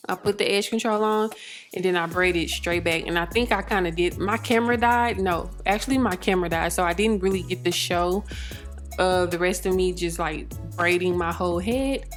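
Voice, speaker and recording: A woman's voice: fairly low pitch, steady tone, moderate pace. Young woman, chatty, rambling, laughing often, tutorial voice-over, faint music behind. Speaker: beauty vlogger.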